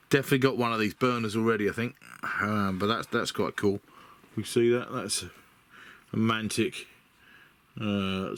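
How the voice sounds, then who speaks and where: A man's voice: lowish voice, a bit bright, dry recording. A middle-aged British man talking in a rambling, chatty, self-deprecating way as he sorts through parts in his workshop. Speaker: miniature model builder. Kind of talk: casual hobby vlog. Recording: noisy workshop recording with clicks.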